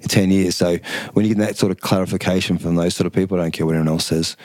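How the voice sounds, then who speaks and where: A fifties-aged Australian man, formerly a kickboxing champion, is an interview guest talking casually and at great length. His low voice races along with no echo, and he acts out quotes as an animated, rambling storyteller.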